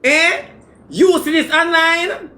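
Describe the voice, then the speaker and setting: A man playing a brash, demanding Jamaican woman in a comedy skit, talking in loud patois banter that moves between scolding and wheedling. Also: very high voice, slow, a little hiss or hum, full character voice.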